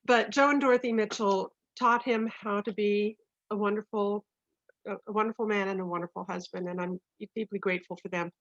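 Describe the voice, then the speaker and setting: A woman's voice: medium pitch, fairly even intonation, fairly quick, no room sound. A woman in her sixties introducing her husband's poems in a casual chat, gushing and laughing often. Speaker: co-host, poet's wife. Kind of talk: casual introductions on a video call. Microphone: computer mic on video call. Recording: dull lo-fi video call audio.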